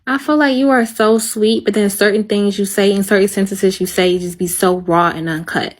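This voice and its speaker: A woman's voice: medium pitch, fairly even intonation, normal speed. A woman on a live stream, arguing emotionally and defensively with her partner.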